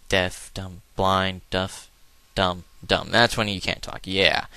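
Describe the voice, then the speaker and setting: A man's voice: low-pitched, pushed and bright, no room sound. A man giving offhand, rambling commentary over a video game, cracking crude jokes and trailing off into mumbled asides. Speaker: let's play commentator. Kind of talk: casual gameplay commentary.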